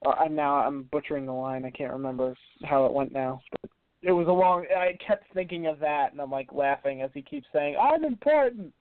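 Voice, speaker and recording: A man co-hosting a podcast, chatting casually with wry quick remarks and frequent laughs. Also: medium pitch, steady tone, smooth, dry recording. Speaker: podcast co-host. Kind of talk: casual review chat. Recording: dry, tinny phone-like sound.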